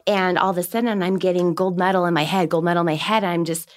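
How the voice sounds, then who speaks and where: Fast-talking, lively woman telling a story. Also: lowish voice. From United States. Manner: animated, laughs often, acts out quotes of herself and others. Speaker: guest, Olympic swimmer. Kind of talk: podcast interview storytelling.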